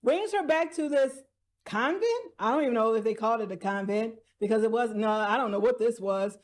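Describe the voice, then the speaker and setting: A woman's voice: fairly high pitch, brisk. A woman vlogger casually recapping TV dramas, chatty, laughing often and restarting her sentences.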